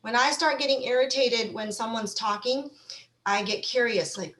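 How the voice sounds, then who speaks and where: A woman speaking on an online mental health panel, guiding listeners in a warm, conversational way. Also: a little high, normal speed. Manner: encouraging, conversational, animated when acting out feelings.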